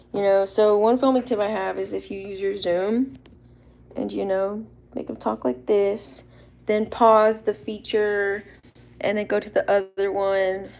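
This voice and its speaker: A woman hosting a casual live Q&A, rambling and chatty and quick to laugh. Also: medium pitch, creaky, darkish tone, slight background noise. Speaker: livestream host.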